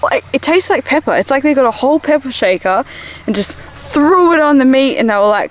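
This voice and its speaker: A woman's voice: sits high, expressive, fairly quick. A young woman chatting on a casual outdoor vlog, joking and acting out animals and people in silly voices. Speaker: vlogger. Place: outdoors by a dam. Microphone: phone camera. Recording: phone video with noisy outdoor background.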